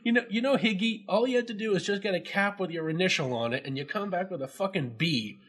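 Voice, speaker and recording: A man co-hosting a casual game-review chat who laughs often and gets excited easily. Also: high-pitched, breathy edge. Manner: giggly, excitable, quick to laugh. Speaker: co-host.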